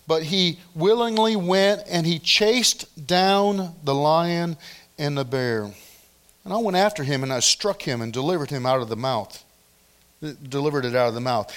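Pastor, middle-aged man, fairly high voice, lively sermon delivery that swings between loud and quiet. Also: measured pace. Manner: animated storytelling, swings from loud to hushed.

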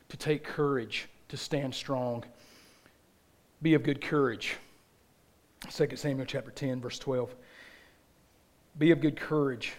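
A man preaching a sermon in a church, earnest and repetitive, often dropping soft at the ends of phrases. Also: medium pitch. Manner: earnest, repeats phrases for emphasis, drops soft at line ends.

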